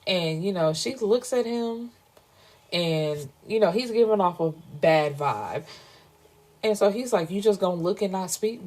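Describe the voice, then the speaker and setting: A woman recaps a romance novel in a casual, animated way, cutting in with blunt, profane reactions of her own. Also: fairly low pitch, a little slow. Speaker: book reviewer.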